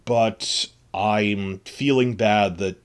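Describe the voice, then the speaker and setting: A man's voice: lowish voice, fairly even intonation, extremely slow, clear, resonant tone. A man hosting a solo podcast, rambling emotionally through a film review, restarting his sentences.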